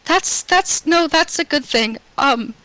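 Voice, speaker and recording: A woman playing a soft, polite young man. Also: high voice, animated, slow, no echo, pitched above the performer's own voice, exaggerated voice, low-quality recording.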